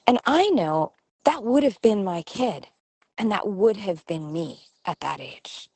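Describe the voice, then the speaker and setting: A middle-aged woman hosting a podcast, telling a personal story in a lively way and acting out the voices of people she quotes. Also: mid-range voice, a little slow, breathy edge, no echo. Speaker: podcast host. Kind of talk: storytelling monologue.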